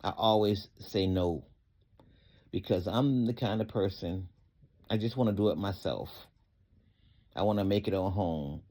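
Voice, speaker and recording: A middle-aged man tells his own story in a fervent, folksy, rambling way. His voice sits a little low. He keeps breaking off to give thanks to God. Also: unhurried, long pauses, mellow. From Atlanta area, US. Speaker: storyteller recounting a personal event. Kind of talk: emotional personal testimony.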